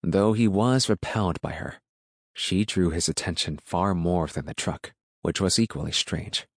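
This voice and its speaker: A man reading a novel aloud as narrator, in a steady, measured storytelling manner. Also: sits low, no room sound, clean studio sound. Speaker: audiobook narrator. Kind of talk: scripted narration.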